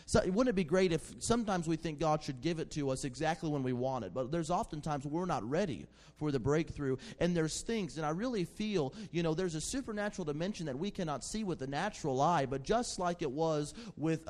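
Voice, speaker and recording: High-voiced fervent male preacher. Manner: builds from quiet teaching to shouted, fervent preaching. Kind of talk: sermon.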